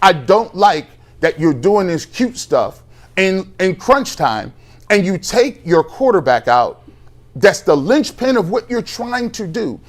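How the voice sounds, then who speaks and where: A man's voice: high-pitched, takes it slowly. Exasperated man ranting about football. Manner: animated, exasperated, slangy. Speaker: sports talk show host. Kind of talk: heated sports debate.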